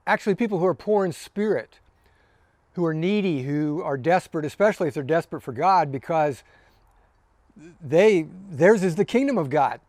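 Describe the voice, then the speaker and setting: A man giving a relaxed, conversational sermon as a pastor, recorded outdoors on his deck in the evening. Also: on the high side, moderate pace, no echo. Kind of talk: casual sermon.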